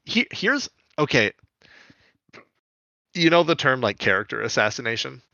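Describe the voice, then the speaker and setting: A man's voice: medium pitch, sing-song, normal speed, creaky, sharp tone, no echo, dull audio. A man co-hosting a podcast in casual chat, rambling with lots of fillers. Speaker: podcast co-host.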